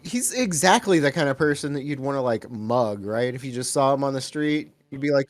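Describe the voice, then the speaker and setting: A man co-hosting a casual film chat with a relaxed, wry manner. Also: medium pitch, brisk, dry recording. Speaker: podcast co-host. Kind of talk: casual chat about a film over beer.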